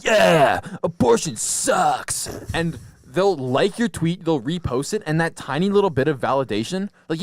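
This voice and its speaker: A young man rambles through casual podcast chat, laughing often and slipping into quoted voices. His pitch sits at an ordinary middle, recorded dry and close with no room sound. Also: darkish tone, dry recording. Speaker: podcast co-host.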